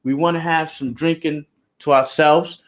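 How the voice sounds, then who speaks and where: A man's voice: on the high side, steady tone, moderate pace. A man being interviewed, telling a story in loose, slangy, profane casual talk with lots of "you know". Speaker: interview guest.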